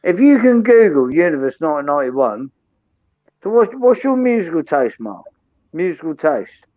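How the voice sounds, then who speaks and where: A tipsy British man co-hosting a late-night stream. He is loud and sweary and rants with a bouncy, lively swing in his voice. The sound is dry and a bit muffled. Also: fairly high pitch, normal speed, no echo. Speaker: live stream co-host. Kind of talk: boozy late-night chat.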